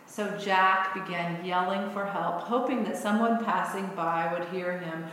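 A woman minister preaches slowly and without hurry, telling a story and then teaching from it. Her voice rings through a big, echoey church sanctuary with a long reverb tail and faint room noise. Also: fairly low pitch, steady tone, fairly bright tone. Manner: storytelling, unhurried. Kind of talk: sermon. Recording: echoey hall.

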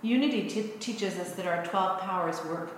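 A woman minister preaching a sermon, telling a story and teaching in an unhurried way. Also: on the low side, slight background noise. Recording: echoey hall.

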